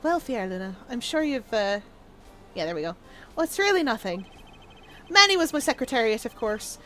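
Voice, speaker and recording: A woman voicing a polite, ingratiating middle-aged male ambassador in a low, measured voice for a video game reading. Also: fairly even intonation, slight background noise, lightly acted.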